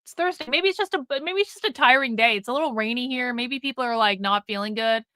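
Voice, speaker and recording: A woman's voice: a little high, fast talker, bright, forceful tone, a little hiss or hum. A woman hosting a live stream, chatting casually with viewers in a blunt, profane way and nagging them toward a goal. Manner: profane, blunt, nags the chat.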